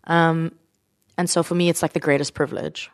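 Woman, stage actress, deep low voice, dry close sound, earnest and searching. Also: fairly even intonation, brisk, dry recording. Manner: earnest, thoughtful, many fillers. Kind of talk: interview answer.

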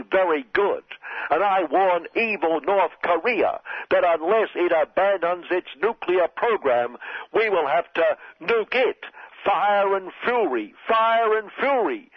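A man putting on a boastful, blustering male world leader who repeats superlatives in drawn-out exclamations. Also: high-pitched, lively intonation, breathy edge, dry recording, pitched above the performer's own voice, full character voice. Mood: bombastic. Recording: dull lo-fi recording.

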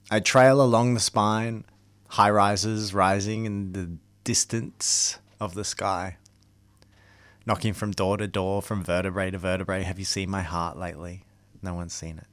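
A man, performing a theatrical stage story that swings from loud to hushed. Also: lowish voice, no room sound. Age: 30s. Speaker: comedic performer.

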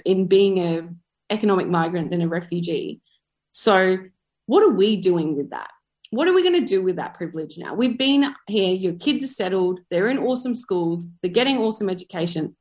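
A woman from Perth talks in a relaxed, reflective way about her own life. Her Australian accent is easy to hear, and she fills her sentences with "like". Her voice sits at a middling pitch for a woman. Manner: chatty, with many filler "like"s. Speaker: photographer and activist. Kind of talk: reflective personal storytelling.

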